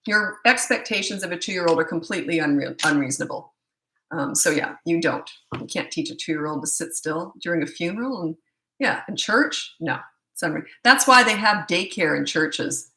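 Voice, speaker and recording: A woman's voice: on the low side, animated, bright, forceful tone, reverberant, slight background noise, poor audio. A middle-aged woman, a parenting coach, answering viewer questions on a live stream in a blunt, opinionated way. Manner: blunt and opinionated, quick asides.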